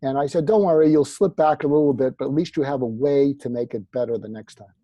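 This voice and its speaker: Animated man telling a story. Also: medium pitch, fast talker, dry recording. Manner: animated anecdotal storyteller, acts out quotes. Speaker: psychiatrist guest. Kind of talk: storytelling interview answers.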